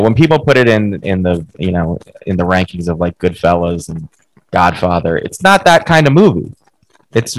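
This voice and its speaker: A middle-aged man and comedian, a guest on a podcast, explaining his points in an animated way. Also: fairly low pitch, dry recording, rough recording. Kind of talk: casual interview chat.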